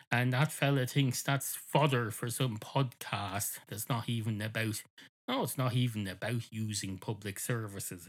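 Comic monologue: man doing a ranting, self-interrupting, sweary male dog, mid-pitched. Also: lightly acted. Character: indignant talking male dog, ranting and aggrieved.

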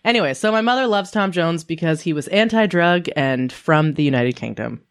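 A woman's voice: on the low side, lively intonation, normal speed, clean tone. A woman co-hosting a podcast, telling family stories in a rambling, casual way with lots of "like". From Canada. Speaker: podcast co-host. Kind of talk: casual chat.

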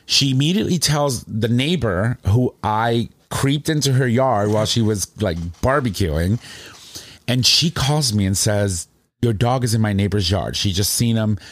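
A man telling a long personal story in casual chat, rambling and animated, with plenty of emotion. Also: lowish voice, moderate pace, no echo.

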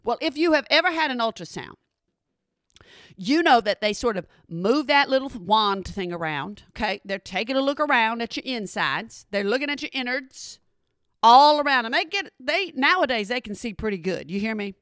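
Bright, animated woman telling a story. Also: a little high, normal speed, clean tone, dry recording, clean studio sound. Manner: animated, exasperated, talks straight to listeners. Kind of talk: comedic storytelling monologue.

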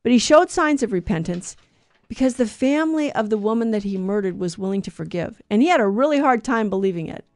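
A woman's voice: medium pitch, expressive, fast, a little mellow, dry recording. A woman co-hosting a Catholic radio show, telling a story earnestly and with animation, often restarting her sentences.

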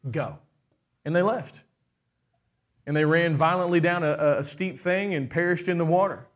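High-voiced animated male preacher. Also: moderate pace. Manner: animated preaching, acts out quoted voices, asks the crowd questions. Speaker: pastor. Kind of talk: sermon.

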